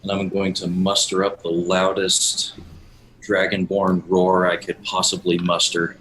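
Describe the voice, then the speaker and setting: A man playing a tabletop game, asking about his moves in an unhurried casual way and laughing often. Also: low voice, completely flat delivery, a bit bright, slight background noise, rough recording. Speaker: player.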